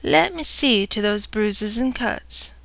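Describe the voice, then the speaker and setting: A woman's voice: animated, vocal fry, fairly bright tone, dry recording, exaggerated voice. A woman doing a stern, scolding older mother-in-law. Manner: brisk, scolding, raised pitch.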